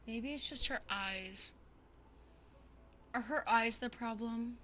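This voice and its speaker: Bubbly, bright-voiced young woman streamer. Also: on the high side, slow pace, long pauses, slight background noise. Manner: bubbly, excitable, gasps and repeats phrases. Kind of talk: casual gaming stream chat.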